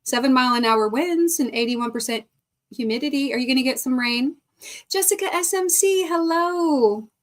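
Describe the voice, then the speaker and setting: A woman's voice: high-pitched, moderate pace. A middle-aged woman hosting a live stream, chatting casually, reading viewer comments aloud and laughing often. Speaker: livestream host.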